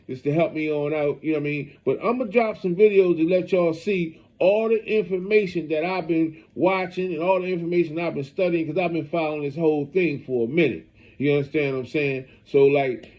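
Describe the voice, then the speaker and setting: Rambling man in lo-fi street commentary. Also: on the high side. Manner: rambling, heavy use of "you know what I mean". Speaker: street news channel host. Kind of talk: casual street news commentary.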